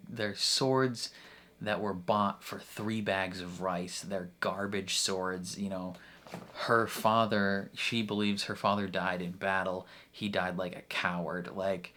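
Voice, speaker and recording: A man's voice: low-pitched, sharp tone. A man casually recapping a TV episode he watched, rambling with many restarts and getting heated. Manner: rambling, many restarts and fillers, laughs often, gets heated. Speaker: reaction video host.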